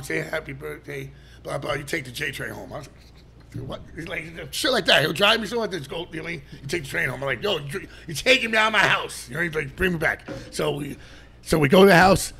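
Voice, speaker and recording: A middle-aged man, a podcast guest telling stories in a loud, animated way and swearing freely. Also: on the high side, slight background noise. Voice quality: gravelly, animated, swears a lot and shouts during stories. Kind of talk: casual storytelling.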